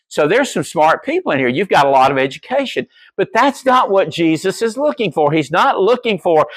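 A man preaching a sermon as pastor, telling stories in an animated way and putting questions to his congregation. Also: fairly high pitch, no echo. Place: church.

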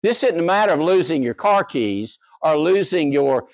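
A man preaching a sermon as pastor, animated, swinging from soft asides to raised exclamations. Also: fairly high pitch, normal speed, no room sound.

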